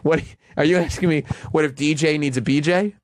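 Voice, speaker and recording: A man's voice: on the high side, steady tone, brisk, dry recording, studio quality. A man who laughs often, joking around in casual radio banter as a regular on the show. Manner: giggly, playful, often laughing.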